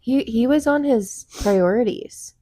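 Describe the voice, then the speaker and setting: A woman co-hosts a casual chat podcast, telling stories in an animated, chatty way with plenty of fillers. Her voice sits on the high side and she doesn't hurry.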